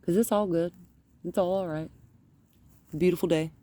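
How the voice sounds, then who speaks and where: A woman dog trainer giving an outdoor training demonstration, calmly coaxing and praising a dog while plainly explaining each step. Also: fairly low pitch, normal speed. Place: outdoors by her front yard and gate.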